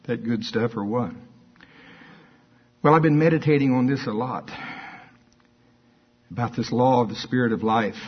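A man preaching a sermon, telling stories and slipping into lively voices for quoted people. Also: mid-range voice, slightly rough. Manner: storytelling, animated voices for quotes, chuckling asides. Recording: dull lo-fi sermon recording.

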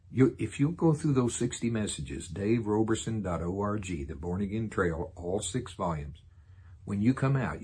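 A man preaching a sermon in a lively way, laughing often and acting out quoted voices. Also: sits low, slight background noise.

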